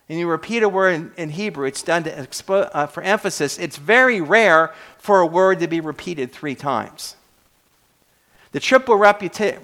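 A male pastor preaching a sermon, building up on repeated words and then dropping to a quiet close, with occasional restarts. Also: high voice. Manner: occasional restarts and self-corrections.

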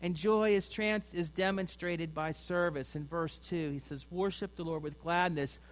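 A male pastor preaching a sermon, swinging between loud emphasis and quiet asides. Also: fairly high pitch, fairly even intonation, moderate pace. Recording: mains hum.

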